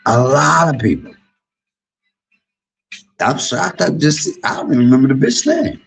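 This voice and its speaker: A man's voice: mid-range voice, big pitch swings, unhurried, gravelly, pauses often, husky, rough recording. A man in his fifties telling blunt, profane stories in a candid livestream monologue. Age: 50s. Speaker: livestream host.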